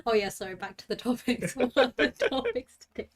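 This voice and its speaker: A woman's voice: a little high, brisk, a crowd in the background. A woman from the UK with a London accent, a podcast guest chatting casually and giggling often. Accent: London English. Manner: giggly, relaxed. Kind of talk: casual chat.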